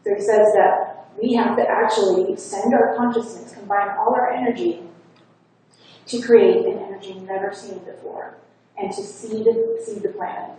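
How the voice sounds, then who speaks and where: A woman's voice: medium pitch, fairly even intonation, normal speed, warm tone. A woman hypnotherapist giving a conference talk, chatting her way through a client's session story. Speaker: hypnotherapist speaker. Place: conference hall. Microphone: faulty wireless lapel mic. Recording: echoey hall, distant mic, faint hiss.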